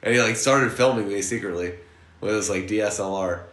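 A young man co-hosting a podcast, telling a crude story in a profane, animated way. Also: lowish voice, a little fast. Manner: animated, profane storyteller, acts out voices in quotes. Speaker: podcast co-host. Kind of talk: casual storytelling banter. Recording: roomy echo with faint noise.

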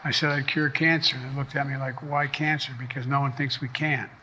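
A man's voice: mid-range voice, little pitch movement, a little fast, pushed and bright, slight background noise. A man giving a public speech, played as a clip, mumbling his words.

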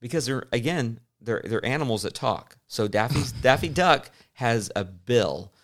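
A middle-of-the-road male voice, neither high nor low, from a man in his forties who co-hosts a podcast. He rambles through casual chat, restarting his sentences and breaking into easy laughs. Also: lively intonation, unhurried, fairly bright tone. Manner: rambling, self-interrupting, laughs easily. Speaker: podcast co-host.

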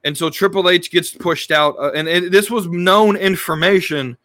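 High-pitched and fairly bright, with no echo, a man talks about wrestling on his casual podcast at normal speed. The delivery is rambling and loose, with lots of restarts and filler words.

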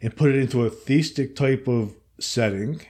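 A man's voice: mid-range voice, normal speed, warm tone. A man hosting a podcast in casual chat, offhand and jokingly boastful. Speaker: podcast host.

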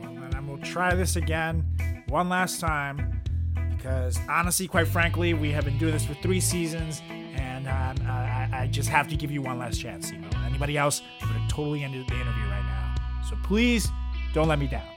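An exasperated man hosts a comedy podcast, ranting loudly at his guest. His voice sits somewhat high. Clear music plays behind him. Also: fairly even intonation, a little fast. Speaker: podcast host.

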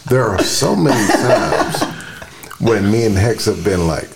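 A man's voice: lowish voice, lively intonation, measured pace, gravelly. A man co-hosting a podcast, chatting in a laid-back way and laughing as he talks. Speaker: podcast co-host. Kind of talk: casual podcast chat. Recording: loud noise with clicks.

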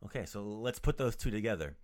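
A fairly low-voiced man leads a lighthearted language lesson. He jokes with his co-hosts and says each word slowly and clearly for listeners to repeat. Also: expressive, a little mellow. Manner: upbeat, jokey, repeats words slowly for learners. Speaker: language teacher on a podcast. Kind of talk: playful casual language lesson.

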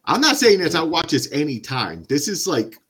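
Animated husky-voiced man. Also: fairly high pitch, normal speed. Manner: animated, swears often, laughs while talking. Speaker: podcast panelist. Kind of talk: casual group chat.

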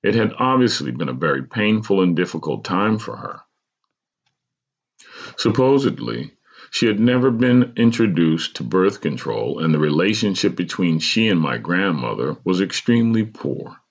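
A man, a podcast host, reading his personal memoir aloud in a measured, deliberate way. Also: deep voice, very animated, lo-fi sound.

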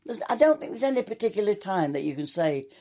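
With a mid-range, dark-toned voice that swings widely in pitch, this veteran soap actress from England talks quickly through her memories. In the interview she tells stories and performs the lines of dialogue she quotes.

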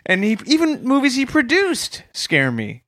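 High-voiced man joking deadpan. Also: normal speed, dry recording, studio quality. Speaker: podcast co-host. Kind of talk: casual comedic chat.

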